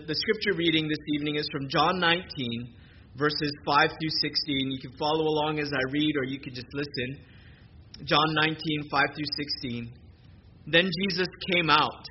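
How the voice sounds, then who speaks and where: A man preaching a sermon at a church service, reading scripture in a measured way and slowing down for emphasis. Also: on the high side. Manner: measured preaching, slows for emphasis, occasional fillers. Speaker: pastor. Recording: dull lo-fi recording with noise.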